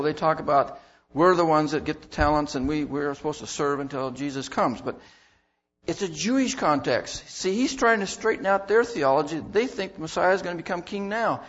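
A man's voice: a little high, fairly bright tone, dull audio. A man preaching a sermon in a conversational way, repeating words as he goes and bursting into emphatic lines. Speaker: pastor.

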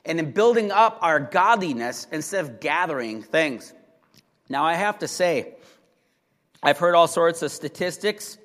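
Guy preaching a sermon, kinda high voice, gets loud and urgent, big echoey church sound. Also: lively intonation, unhurried. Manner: emphatic preaching, bursts of loud urgent exhortation. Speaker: pastor.

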